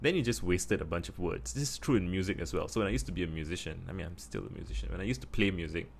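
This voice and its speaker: A young Singaporean man with a Singaporean accent, musing in a casual video monologue and deliberately speaking slowly from his chest. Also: gravelly, a little hiss or hum. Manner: practicing a slow, deep, chest voice; thoughtful, many fillers and restarts. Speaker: vlogger.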